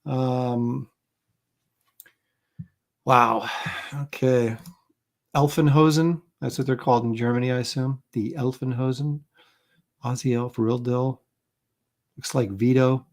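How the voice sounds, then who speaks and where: A middle-aged man hosts a laid-back livestream, chuckling and rambling as he reacts to clips and reads out viewer comments. His voice has a gravelly, fry-laden edge at an ordinary pitch. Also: flat delivery, slow pace, pauses often. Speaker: livestream host. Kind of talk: casual livestream chat.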